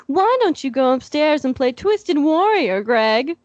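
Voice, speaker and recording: A high, haughty suburban mom, as a woman puts her on in a dry, close room. She calls out in a prim sing-song that swings wide and lands her words with a toffee-nosed lift. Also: very animated, unhurried, a little mellow, no echo, dull audio. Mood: snooty. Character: snooty prim suburban mother.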